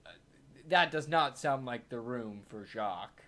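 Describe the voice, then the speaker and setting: A man playing a tabletop game, talking casually in a relaxed, hesitant way. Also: mid-range voice, measured pace, a little hiss or hum.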